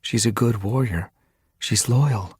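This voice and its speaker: A man voicing a gentle, injured she-cat healer. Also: lowish voice, slow pace, husky, dry recording, clean studio sound, pitched above the performer's own voice, heavily acted. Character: injured female medicine cat, gentle and calm.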